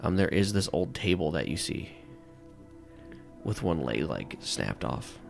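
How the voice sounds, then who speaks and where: A man's voice: deep voice, very animated, a little slow, gravelly, faint music behind. A man narrating a tabletop game as game master, rambling and filling with "like" and "um.". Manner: rambling, full of "like" and "um".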